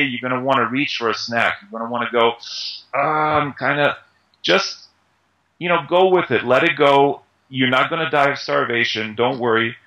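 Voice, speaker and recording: A man's voice: mid-range voice, sharp tone, poor audio. A man being interviewed as an Ayurveda instructor, explaining diet ideas conversationally with everyday analogies and frequent fillers.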